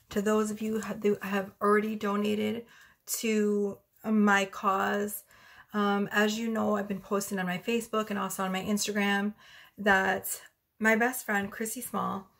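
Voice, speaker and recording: A woman's voice: mid-range voice, little pitch movement, unhurried, fairly bright tone. A woman giving a casual tarot reading, chatty and rambling, a little out of breath. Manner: chatty, rambling, self-correcting. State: slightly out of breath. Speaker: tarot reader.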